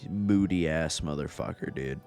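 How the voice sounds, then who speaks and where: A man's voice: a bass voice, normal speed, darkish tone, faint music behind. A young man giving casual, rambling gameplay commentary from home, profane and self-mocking. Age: young adult. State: a bit out of breath. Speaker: gaming YouTuber.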